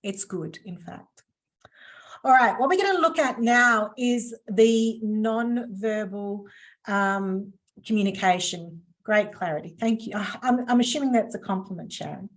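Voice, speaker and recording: A woman's voice: medium pitch, measured pace. A woman presenting a live online training session over a video call, chatty and playful with teasing asides. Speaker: workshop presenter.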